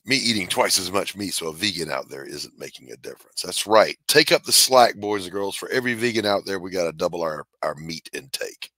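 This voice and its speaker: A man's voice: sits low, animated, brisk, hardly any pauses, pushed and bright, no echo. A middle-aged man hosting a podcast, cracking jokes in casual comedic chat and laughing at his own lines. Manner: wisecracking, laughs and coughs through jokes. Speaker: podcast host.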